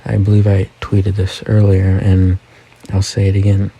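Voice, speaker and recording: A man's voice: sits low, completely flat delivery, moderate pace, gravelly, dark tone, slightly rough, low-quality recording. A man hosting a casual news recap, talking through events and reading quotes aloud. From United States. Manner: conversational, reads quotes aloud.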